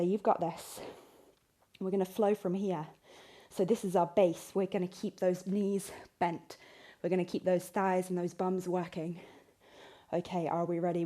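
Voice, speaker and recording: A female yoga instructor, medium in pitch and mellow in tone, cues her class on poses and breathing. She counts reps aloud in an encouraging way and occasionally sounds winded.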